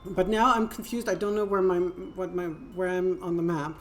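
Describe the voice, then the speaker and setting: A woman's voice: on the low side, fairly even intonation, normal speed. A woman with a French accent chatting casually and playfully while streaming a game, swearing now and then. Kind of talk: casual gameplay chat.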